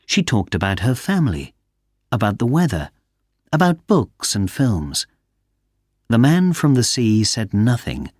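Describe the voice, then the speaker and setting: List: man, story narrator for learners, slow, clear, lively intonation, dry close sound. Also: mid-range voice, dry recording.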